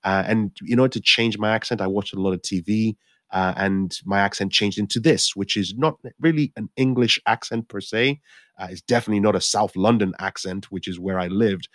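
A man's voice: on the low side, a little fast, a bit bright, no room sound, studio quality. A man in his forties from Nigeria, an actor telling his life story in an interview, rambling with many restarts and acting out his own past thoughts. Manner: rambling with frequent restarts and self-corrections. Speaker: actor guest. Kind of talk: conversational storytelling.

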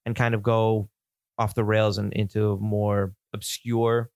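A man co-hosting a casual film chat, thoughtful and halting as he works through his ideas. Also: on the low side, level tone, a little mellow, no echo, clean studio sound. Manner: thoughtful, halting, many restarts while explaining. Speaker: podcast co-host. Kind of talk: casual chat about films.

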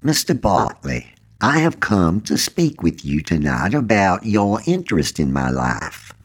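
A man voicing the courtly ghost of a Victorian poet, speaking softly and formally with a Southern accent. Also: deep voice, wildly swooping pitch, husky, pitched below the performer's own voice, full character voice. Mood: calm. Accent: Southern American. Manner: soft, formal, slow and deliberate.

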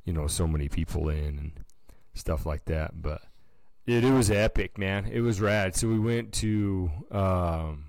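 A man's voice: deep voice, measured pace, vocal fry, darkish tone, no room sound. A man co-hosting a casual podcast, telling a long story in a laid-back, slangy way. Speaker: podcast co-host. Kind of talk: casual chat.

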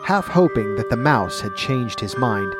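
A man reading a classic children's story aloud in a measured, unhurried way. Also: mid-range voice, sing-song, music in the background. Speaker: podcast storyteller.

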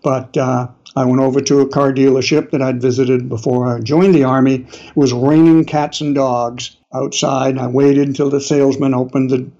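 A man's voice: medium pitch, dark tone. An older man with a New England accent, an author telling long stories as an interview guest, full of uhs and restarts. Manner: rambling, many uhs and restarts. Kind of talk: interview storytelling. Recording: dull lo-fi audio.

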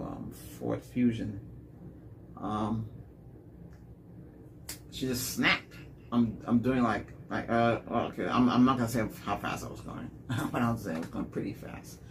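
Gravelly-voiced man telling dating stories. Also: fairly low pitch, a little hiss or hum. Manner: rambling, repeats words, animated when quoting. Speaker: dating vlogger. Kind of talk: casual storytelling monologue.

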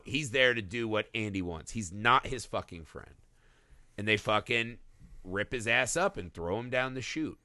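A man co-hosting a casual movie podcast, talking fast and swearing freely as he breaks down a film. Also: fairly low pitch, no room sound, studio quality. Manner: animated, profane, acts out characters in quick bits. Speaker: podcast co-host.

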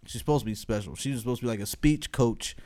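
A man telling a story in casual chat with friends, animated and swearing, often breaking into laughter. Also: mid-range voice, fast.

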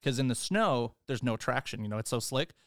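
A young man, a podcast guest, telling lively stories in casual chat and dropping into put-on accents. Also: medium pitch, fairly quick, no room sound, clean studio sound. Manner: animated storyteller, slips into put-on accents.

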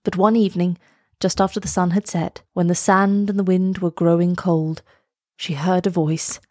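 A woman reading a children's storybook aloud in a calm, clear way. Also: fairly low pitch, normal speed, no echo, clean studio sound. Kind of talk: storybook read-aloud narration.

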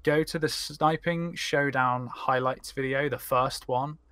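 A young man chats on a podcast as an animated storyteller who swears freely. His voice sits at a middle pitch, recorded dry and close with no room sound. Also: unhurried, clear, resonant tone, dry recording. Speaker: guest, streamer. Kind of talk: casual podcast chat.

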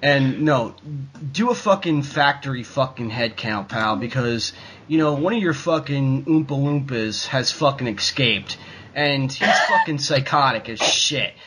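A man's voice: mid-range voice, a little slow, bright, forceful tone, a little hiss or hum, poor audio. A man ranting in a casual talk show, swearing constantly and rambling with lots of fillers. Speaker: podcast co-host. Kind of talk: profane casual rant.

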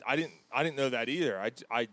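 A man hosting a casual sports chat show, animated and quick to crack jokes, with plenty of profanity. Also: mid-range voice, no echo. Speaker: podcast host.

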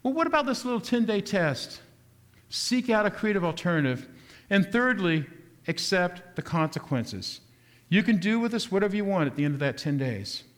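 A man's voice: high voice, a bit bright. A man preaching a sermon. He asks his listeners rhetorical questions and keeps shifting his pace. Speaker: pastor.

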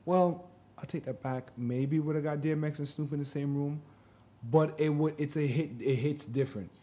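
A man co-hosting a laid-back podcast, his voice mellow and dark. He tells lively stories and slips into the voices of the people he quotes. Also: a little high, normal speed. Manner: animated storyteller, acts out quotes. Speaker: podcast co-host. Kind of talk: casual podcast chat.

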